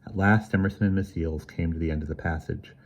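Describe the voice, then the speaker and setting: A man reading a children's mystery novel aloud in steady, measured narration. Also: low voice, highs cut off. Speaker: audiobook reader. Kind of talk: storybook narration.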